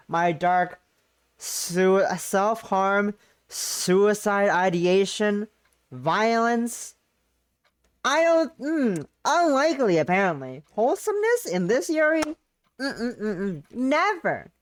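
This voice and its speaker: A woman streaming a visual novel, reacting with loud, profane, mock-outraged commentary. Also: mid-range voice, very animated, slow pace. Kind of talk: casual game stream commentary.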